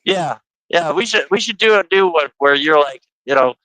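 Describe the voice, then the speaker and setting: Chatty bright-voiced man, dry mic. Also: on the high side, expressive, normal speed, dry recording, low-quality recording. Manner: chatty, laughing, stumbling restarts. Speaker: host. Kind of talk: casual livestream chat.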